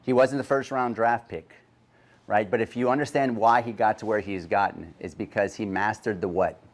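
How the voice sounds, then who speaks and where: A man with a deep Southern accent giving a brash, profane seminar talk, throwing rhetorical questions at a live audience. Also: steady tone, normal speed. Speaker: guest speaker. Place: conference room with live audience.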